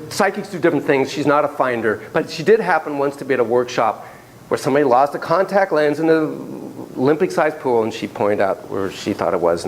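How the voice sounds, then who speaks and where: Animated man lecturing, lots of asides. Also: mid-range voice, vocal fry, slight background noise, low-quality recording. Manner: animated, digressive, talks in asides. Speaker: psychotherapy lecturer. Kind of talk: lecture with storytelling. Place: classroom.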